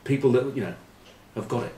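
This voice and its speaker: A middle-aged man telling rugby stories and giving predictions, wry and self-mocking, often trailing off into quiet asides. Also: medium pitch, fairly quick. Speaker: rugby pundit. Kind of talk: anecdotal storytelling preview. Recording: echoey room with faint ambient noise.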